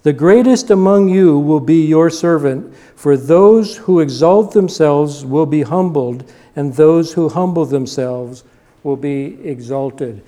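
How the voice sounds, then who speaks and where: A man's voice: a little high, takes it slowly, mellow. An older man preaching a sermon, explaining scripture and driving points home with short, emphatic repetitions. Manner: emphatic, repeating short punchy lines. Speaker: pastor.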